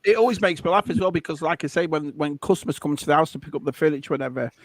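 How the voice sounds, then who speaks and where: A man from the north of England with a northern English accent, telling lively anecdotes on a live-stream chat and repeating words as he gets going. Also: fairly high pitch, very fast, no room sound. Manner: lively storyteller, repeats words when excited. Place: lives in rural America.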